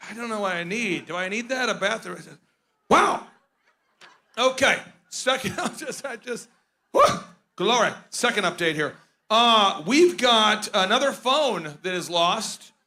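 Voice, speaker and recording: A man hosting a conference, joking and rambling in animated comedic stage banter. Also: sits high, a little slow. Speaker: conference host.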